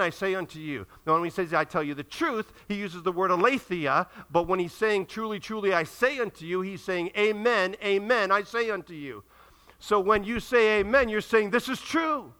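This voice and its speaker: Man, pastor, emphatic sermon delivery, high voice, very bright and forceful tone. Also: clean tone. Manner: emphatic preaching, acts out quoted dialogue.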